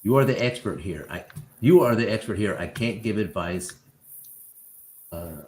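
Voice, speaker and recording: A man's voice: lowish voice, expressive, moderate pace, a little mellow, slight background noise. A man hosting a podcast, reading his own written account aloud and laughing often in between. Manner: laughs often while telling the story.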